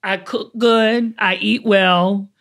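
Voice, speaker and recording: A middle-aged Southern US woman hosts a talk show, chatting casually and telling folksy stories with drawn-out emphasis. Her medium-pitched voice is steady, gravelly, and a bit bright.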